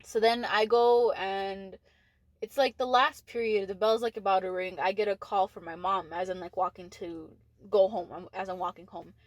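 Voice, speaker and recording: A woman's voice: medium pitch, steady tone, normal speed, dry recording. Teen woman podcaster, candid storyteller, lots of fillers, dry close sound. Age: teens. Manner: candid, swears freely, many "like" fillers. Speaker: podcast co-host. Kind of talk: casual storytelling chat.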